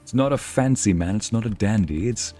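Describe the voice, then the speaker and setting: A man's voice: on the low side, brisk, dark tone, soft background music. A man streaming a game, chatting casually and musing aloud as he reads out messages from his chat.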